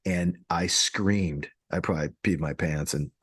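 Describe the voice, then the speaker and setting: A man co-hosting a podcast, telling a story in a casual, animated way, often laughing and restarting his sentences. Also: low-pitched, measured pace, slightly rough, no echo, studio quality. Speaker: podcast co-host.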